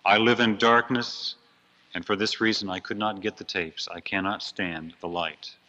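A man's voice: lowish voice, steady tone, moderate pace, bright, forceful tone. A man reading out a taunting demon. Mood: defiant. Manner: taunting, defiant. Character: hateful demon possessing a young woman. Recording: dull lo-fi recording.

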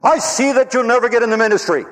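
A man's voice: extremely high pitch, quick pace, fairly bright tone, pitched above the performer's own voice. A man quoting a stern, bullying male professor with a raised, harsh delivery. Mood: angry. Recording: long hall reverb.

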